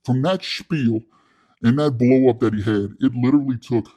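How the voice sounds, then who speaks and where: A man's voice: mid-range voice, moderate pace, mellow. Man telling a rambling comic tale. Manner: casual, rambling, filler-heavy. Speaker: comedic storyteller. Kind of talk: comedic parody storytelling.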